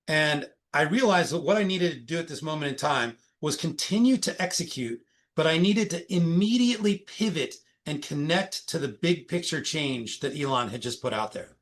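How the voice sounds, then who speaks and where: A man's voice: a little high, normal speed. A middle-aged man, a recruiter, retelling a workplace story as a guest in a conversational interview. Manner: animated, anecdotal retelling.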